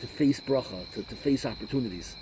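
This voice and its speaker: A rabbi preaching an animated sermon, sprinkling Hebrew and Yiddish terms through his English. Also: mid-range voice, fairly quick, noisy background.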